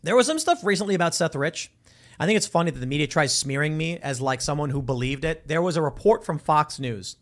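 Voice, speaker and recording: A man's voice: a little high, a little fast. A man hosting a casual commentary monologue, telling stories and acting out the people in them. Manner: animated storytelling, acts out quoted voices. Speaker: political commentary host.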